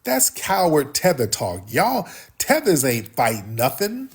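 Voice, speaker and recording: Male livestream host, husky, lively pitch swings, heated and profane. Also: measured pace. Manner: blunt, profane, animated ranting to viewers.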